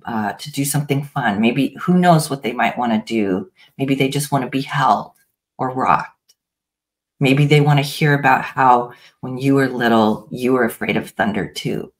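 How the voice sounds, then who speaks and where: A woman guest, a practitioner of parts therapy, explaining her approach gently with frequent pauses and restarts in an interview. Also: a bass voice.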